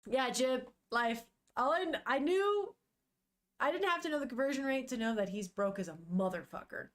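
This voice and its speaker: A woman's voice: high-pitched, animated, moderate pace. A young woman on a casual live stream, reading a manga aloud, chatting with viewers, swearing freely and laughing often.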